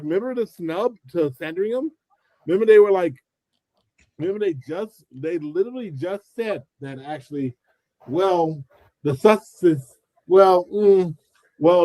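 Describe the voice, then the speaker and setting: A man talks through a casual commentary chat. He is animated and slips into other people's voices when he quotes them. His tone is dark and a little high, and the room sounds dry. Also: no echo, poor audio. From United States. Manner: animated, acts out quoted voices, many restarts. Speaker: channel host.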